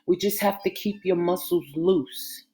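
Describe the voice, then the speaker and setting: Joshua, a calm reassuring therapist, read by a woman. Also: on the low side, measured pace, natural voice.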